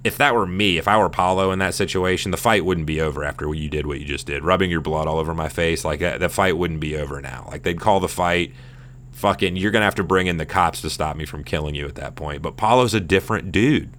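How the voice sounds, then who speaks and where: A man in his thirties hosting a casual sports chat, telling a fight story in a profane, rambling, animated way. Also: deep voice, fast, slight background noise. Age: 30s. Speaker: podcast host.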